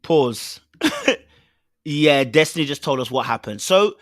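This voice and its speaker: Animated man. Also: on the high side, slow, dry recording, studio quality. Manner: blunt, animated, repeats points for emphasis. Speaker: reaction channel host. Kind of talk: casual reaction commentary.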